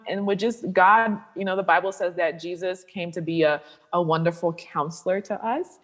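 A woman's voice: on the low side, normal speed. A woman sexuality coach speaking candidly as an interview guest, animatedly acting out the voices of people she quotes. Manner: animated storyteller who acts out quoted voices.

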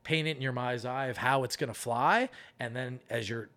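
A man's voice: medium pitch, moderate pace. A middle-aged man coaching goalies, talking through his methods in a casual interview and acting out arguments. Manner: animated explaining, acts out arguments.

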